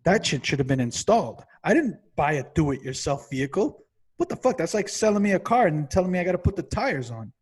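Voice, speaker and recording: A man co-hosting a podcast, telling a frustrated, profane comedic rant that builds to yelling. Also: on the high side, big pitch swings, fairly quick, few pauses, breathy edge. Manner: exasperated, swears constantly, builds to yelling. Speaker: podcast co-host.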